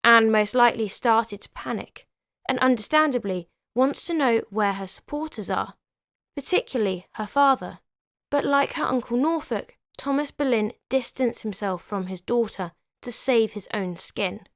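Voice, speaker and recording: Female history narrator with a light, slightly high voice and a casual aside now and then. Close, dry sound. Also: normal speed, no echo. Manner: conversational with chatty asides. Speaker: history video host.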